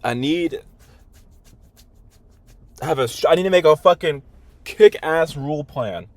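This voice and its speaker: A man's voice: fairly high pitch, a little slow, no room sound. Young man angrily lecturing himself. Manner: frustrated, berating himself in second person, heavy swearing. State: hungry. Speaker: day trader. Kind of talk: self-talk video diary.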